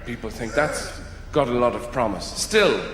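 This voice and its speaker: Male comic, dry and halting, lively pitch, echoey hall sound. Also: slight background noise. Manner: rambling, halting, dry delivery. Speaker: stand-up comedian. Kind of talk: stand-up comedy set.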